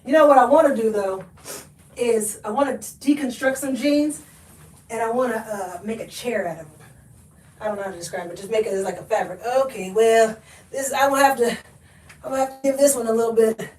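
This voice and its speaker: A chatty, high-voiced woman shows off her thrift finds to viewers on a live stream. She is sniffly from allergies. The sound is echoey, with the mic set back from her in the room. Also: fairly quick, distant mic. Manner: chatty and expressive, talks to viewers, laughs often. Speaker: thrift haul host. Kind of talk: live-stream haul chat.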